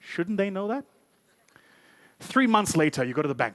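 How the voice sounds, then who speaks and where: Man, 30s, high-pitched, motivational keynote, storytelling, emphatic. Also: very animated, moderate pace, pauses often. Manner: storytelling, punchy and emphatic, jokey asides to the audience. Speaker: keynote speaker. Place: conference stage before a live audience.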